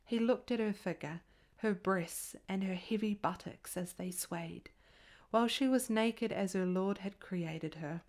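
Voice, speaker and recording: A woman reading an old folk tale aloud as a bedtime story, soft and unhurried, lifting her voice lightly for the characters' lines. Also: medium pitch.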